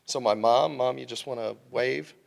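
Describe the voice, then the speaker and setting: A man's voice: mid-range voice, fairly even intonation, moderate pace, creaky. A man speaking at a family dedication, emotional and chatty as he introduces his relatives. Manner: emotional, warm-hearted, loose and chatty. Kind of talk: informal ceremony remarks, introducing family. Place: ceremony venue with family and children. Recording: crowd chatter and noise at a live event.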